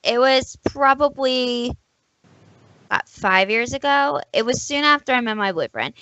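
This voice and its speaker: A young woman co-hosting a casual show, telling an animated story and acting out both sides of an old conversation. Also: high voice, measured pace, dry recording, muffled recording. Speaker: podcast co-host. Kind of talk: casual chat.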